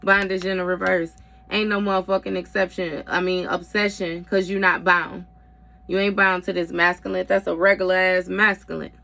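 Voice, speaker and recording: A woman's voice: fairly low pitch, little pitch movement, moderate pace, creaky, bright, forceful tone. A woman giving a casual tarot reading in a blunt, heavily profane way, with frequent mm-hmms. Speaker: tarot reader.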